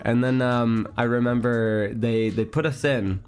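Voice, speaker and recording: A man's voice: mid-range voice, fairly even intonation, unhurried, darkish tone, clear, resonant tone, faint music behind. Congested young man rambling on a stream. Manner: rambling, laughs often, many fillers. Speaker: livestream host. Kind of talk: casual chat storytelling.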